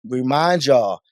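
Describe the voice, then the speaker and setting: A middle-aged man, a DJ guest on a podcast, telling stories in a lively, casual way with laughs and some swearing. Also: medium pitch, dry recording, studio quality. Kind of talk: casual storytelling interview.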